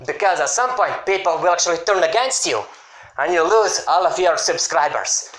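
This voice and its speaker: A man delivering an angry, repetitive, scolding rant at a critic, sometimes breaking into shouts. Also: a little high, lively intonation, moderate pace. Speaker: YouTuber answering a critic. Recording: echoey room.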